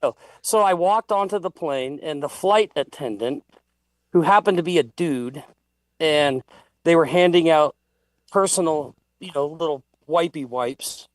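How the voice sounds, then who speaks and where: A man's voice: on the high side, measured pace, no echo. A man telling a heated, profane story in a casual livestream chat. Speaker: guest.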